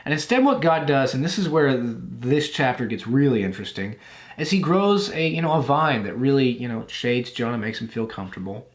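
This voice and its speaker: A man's voice: medium pitch, lively intonation, a little fast. A man talks straight to his viewers in a loose, conversational way, often stopping for "you know" and "uh". His voice sits in an ordinary middle range. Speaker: YouTube host reviewing Bible books. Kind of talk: casual video commentary after reading scripture aloud.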